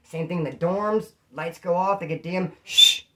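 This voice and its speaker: A man from California telling prison stories in casual slang, animated and acting out what people said. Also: high-pitched, normal speed. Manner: streetwise slang, animated, acts out quotes. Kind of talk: casual storytelling to camera.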